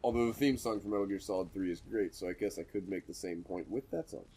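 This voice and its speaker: A man's voice: sits low, fast talker, dark tone, breathy edge. A man co-hosting a let's play in casual chat, rambling and sarcastic.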